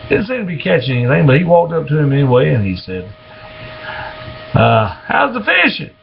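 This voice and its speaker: A man with a drawl tells dirty jokes slowly, slipping into the characters' voices. His voice is gravelly and a little high, and it swings widely in pitch. The recording is dull and lo-fi, with a faint hiss underneath. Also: big pitch swings. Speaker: joke teller.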